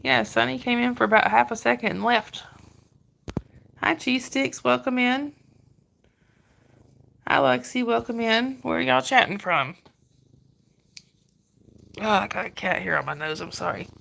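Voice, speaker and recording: Zuid-Amerikaanse vrouw, krakerige stem. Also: female voice, fairly high pitch, measured pace, creaky, pauses often, fairly bright tone, a little hiss or hum. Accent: Southern US. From Georgia, US. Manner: chatty, greets viewers by name, laughs often. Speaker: livestream host. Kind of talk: casual live chat reading viewer comments.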